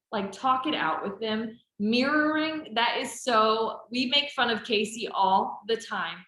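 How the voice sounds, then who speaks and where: A talkative woman trainer gives encouraging, casual advice with plenty of energy. Her voice is bright and sits a little high. The sound is roomy, with noticeable echo. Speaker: trainer answering team questions. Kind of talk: casual group chat.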